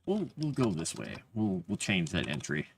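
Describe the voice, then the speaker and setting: Rambling man with a lively pitch. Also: normal speed, a little hiss or hum. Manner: rambling, reads his drafts aloud under his breath. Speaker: live streamer writing fantasy lore. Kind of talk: casual live-stream chat.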